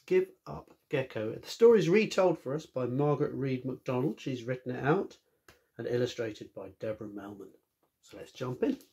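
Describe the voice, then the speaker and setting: A man's voice: medium pitch, a little fast, a little mellow, husky. A man, a teacher, reading a children's story aloud with friendly, chatty asides to young listeners.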